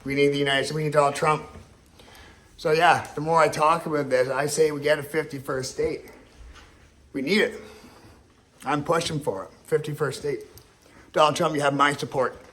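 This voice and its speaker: A man's voice: fairly high pitch, steady tone, normal speed, pauses often, a bit bright. A man talking alone to camera in a rambling, emotional rant, swearing often and repeating himself. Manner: rambling, profane, emotional and repetitive. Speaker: vlogger. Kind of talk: ranting monologue to camera.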